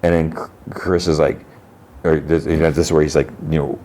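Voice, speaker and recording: A man's voice: very deep voice, level tone, normal speed, warm tone, a little hiss or hum. A man from Illinois, a podcast host, casually recapping an episode in a rambling way. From Illinois, USA. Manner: rambling, fillers like "like".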